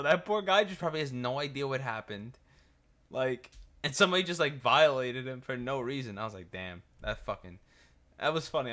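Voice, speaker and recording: A man's voice: medium pitch, sharp tone. A man with a New York accent hosting a reaction video, telling stories in a rambling, profane way and laughing as he goes. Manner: laughs through stories, restarts often. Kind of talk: casual reaction commentary.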